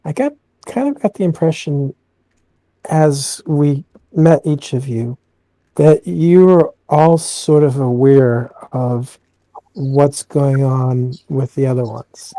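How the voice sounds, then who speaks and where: A man's voice: medium pitch, slow, warm tone, dry recording. A man player asking questions casually in a tabletop game, hesitant and repeating words.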